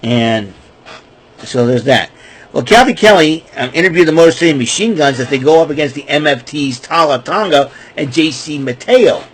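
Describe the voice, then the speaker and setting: A man's voice: a little high, animated, normal speed, breathy edge. A man hosting a casual wrestling recap, rambling and stumbling over names and laughing at his own jokes. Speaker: podcast host.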